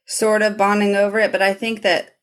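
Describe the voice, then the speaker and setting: A woman's voice: medium pitch, level tone, fairly quick. A woman co-hosting a podcast, animatedly recapping TV scenes with playful exaggeration in casual chat. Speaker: podcast co-host.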